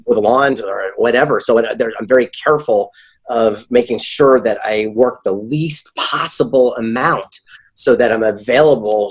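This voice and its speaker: Husky storytelling man, animated. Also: lowish voice. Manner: animated, acts out quoted dialogue. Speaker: author and keynote speaker, guest. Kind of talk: casual interview storytelling.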